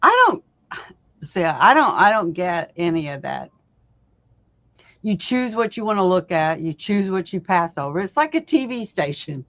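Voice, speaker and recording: A woman's voice: lowish voice, very animated, normal speed, a bit bright, no echo. A woman co-hosting a live stream, chatting casually and laughing often as she tells stories. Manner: storytelling, laughs often, acts out voices in retelling. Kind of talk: casual chat. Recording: dull lo-fi stream audio.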